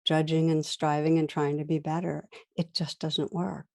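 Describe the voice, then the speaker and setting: A woman meditation teacher giving a gentle, reflective dharma talk, weaving in stories. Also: sits low, little pitch movement, moderate pace, vocal fry, dry recording.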